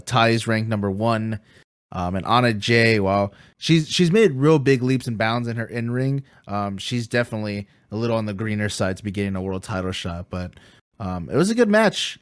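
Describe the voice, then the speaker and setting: A man with a somewhat low voice recaps matches on a podcast, filling pauses with plenty of uhs and ums. He laughs easily, and his voice comes across close and dry, with no room sound. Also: clean tone, no room sound. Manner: laughs easily, many fillers. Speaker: podcast co-host.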